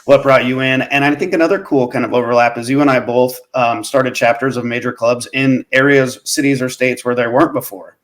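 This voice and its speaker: A man's voice: mid-range voice, steady tone, a little fast, hardly any pauses. A man hosting a podcast, chatting casually and affirming his guest. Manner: affirming, conversational. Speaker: podcast host. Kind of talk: casual interview chat.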